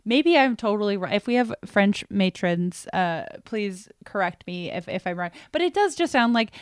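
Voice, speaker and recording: Woman podcast co-host, animated and sarcastic, dead-dry studio sound. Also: mid-range voice, normal speed, no room sound. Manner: sarcastic, animated riffing with quoted voices. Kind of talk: casual chat.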